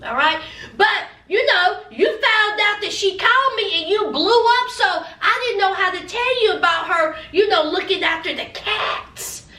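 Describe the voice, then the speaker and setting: A woman's voice: extremely high pitch, animated, measured pace, bright, forceful tone, far from the mic, heavily acted. A woman voicing an earnest young man pleading with his partner, in a coaxing, persuasive way. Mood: reassuring. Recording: echoey room, away from mic.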